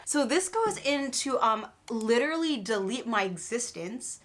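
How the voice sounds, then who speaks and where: A woman's voice: a little high, animated, a little slow, hardly any pauses, a bit bright, a little hiss or hum. A woman in her twenties telling embarrassing fan stories in a casual vlog, self-mocking and dramatic, swearing casually. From Canada. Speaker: vlogger.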